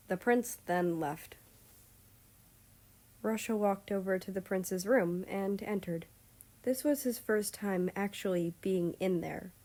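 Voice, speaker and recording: A woman reading a fan story aloud in calm, measured narration. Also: mid-range voice. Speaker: story reader.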